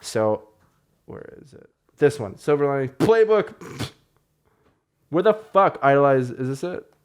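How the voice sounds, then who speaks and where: A male podcast host talking in loose, casual chat, with a middle-pitched voice. He rambles and swears freely, and he pokes fun at himself as he goes. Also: sing-song, a little slow, clear, resonant tone. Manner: rambling, profane, self-mocking.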